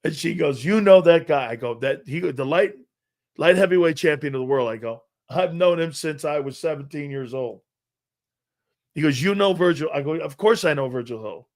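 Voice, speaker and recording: A man hosting a sports talk show, rambling through stories and growing animated as he reads out a list. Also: on the high side, moderate pace. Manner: rambling storyteller, animated when reading a list. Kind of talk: casual sports talk monologue.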